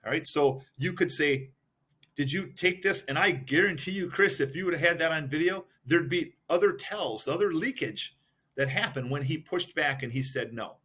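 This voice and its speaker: Bright-voiced man explaining behavior cues. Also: on the high side, animated, normal speed, slightly rough. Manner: explains step by step, numbering points and giving examples. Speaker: guest expert in behavioral analysis. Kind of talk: casual podcast explanation.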